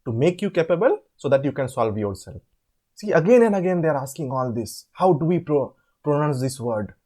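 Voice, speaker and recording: A tutor walks through an assignment, with a husky, slightly breathy tone. The pitch rises and falls a lot as points are stressed and restated. Words are spoken aloud to demonstrate how they sound. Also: big pitch swings, a little fast, dark tone. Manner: demonstrates pronunciations by repeating words. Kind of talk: explaining a graded assignment.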